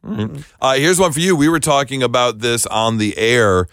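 A man's voice: mid-range voice, normal speed, fairly bright tone, dry recording, studio quality. A man co-hosting a podcast, sharing movie trivia in casual chat with playful disbelief. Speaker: podcast co-host.

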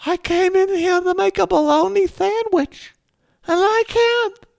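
A man putting on a shrill, whiny mother who complains loudly about missing mustard. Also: steady tone, measured pace, creaky, exaggerated voice. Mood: shrill complaining. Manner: shrieking, whiny. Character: shrill scolding mom hunting for mustard.

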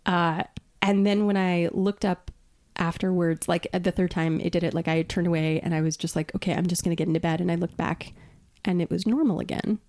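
A woman from Brooklyn, a podcast guest, telling a personal story in casual conversation, animated, laughing and swearing freely. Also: on the low side, a little fast. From Brooklyn, New York.

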